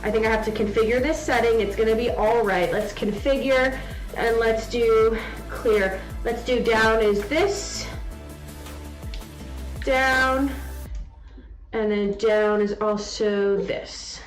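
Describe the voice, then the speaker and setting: A woman's voice: a little high, steady tone, slow pace. A young adult woman streaming a game from home, chatting casually and cooing baby talk to her daughter on her lap. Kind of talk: casual live-stream chat. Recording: echoey room with background music.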